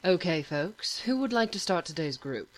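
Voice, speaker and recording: A woman reading a calm, patient male therapist who speaks smoothly. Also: fairly low pitch, moderate pace, dry recording, natural voice.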